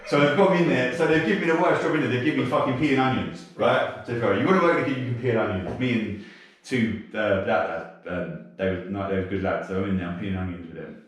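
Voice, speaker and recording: A man with a South London accent, telling sweary, animated stories as a podcast guest. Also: on the low side, fast talker. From South London, England. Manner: sweary, animated anecdote-telling with bursts of laughter. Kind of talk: casual storytelling interview. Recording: very echoey room, mic at a distance.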